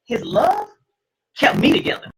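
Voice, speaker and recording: A middle-aged woman, host, telling her personal testimony to an audience in an emphatic, preacherly way, with a husky voice. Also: normal speed, low-quality recording.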